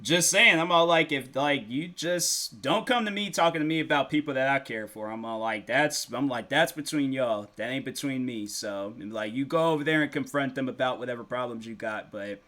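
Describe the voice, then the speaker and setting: A man's voice: mid-range voice, moderate pace, hardly any pauses, bright, forceful tone. A man hosting a reaction video, talking casually in a rambling, self-correcting way.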